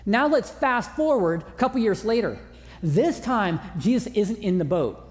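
Male pastor, chatty and joking sermon style, very expressive pitch, long hall echo. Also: unhurried. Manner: conversational, self-deprecating humor. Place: large church auditorium.

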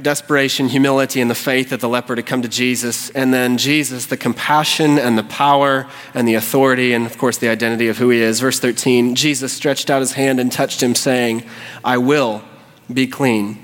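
A man's voice: mid-range voice, level tone, brisk, hardly any pauses, a bit bright. A male pastor preaching a sermon, impassioned and rising to fervent pleading. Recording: long hall reverb.

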